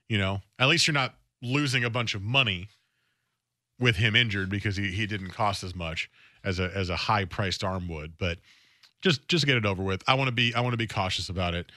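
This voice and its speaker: A man's voice: on the low side, pushed and bright, dry recording, studio quality. A man hosting a sports talk radio show, talking in a casual, opinionated way and often repeating words as he thinks aloud. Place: radio studio.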